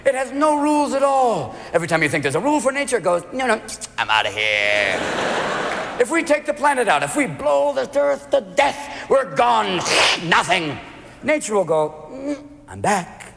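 Animated comedian, gravelly, big echoey room. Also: male voice, extremely high pitch, fairly quick, slight background noise. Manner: animated, swings into gruff character voices. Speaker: stand-up comedian. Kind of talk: stand-up routine. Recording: live club with long reverb, loud crowd. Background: laughing audience.

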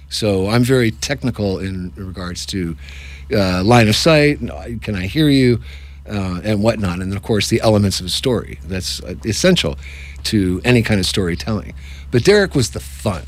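Lively man hosting improv nights. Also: lowish voice, normal speed. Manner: animated, jokey, self-interrupting. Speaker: improv workshop host. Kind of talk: casual radio-style interview.

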